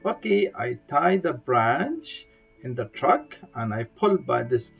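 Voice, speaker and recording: Slow, playful woman reading a bedtime story. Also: sing-song, vocal fry, breathy edge. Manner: slow, simple broken English, playful sound effects and high squeals for characters. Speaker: storybook reader. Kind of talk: bedtime story read-aloud. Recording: dull lo-fi sound with faint guitar music.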